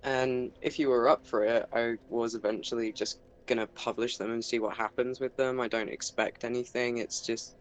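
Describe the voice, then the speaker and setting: A man's voice: medium pitch, level tone, normal speed, hardly any pauses, rough recording. A man chatting casually over voice chat while playing a video game, laughing often. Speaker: channel host and gamer. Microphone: desktop mic on voice chat.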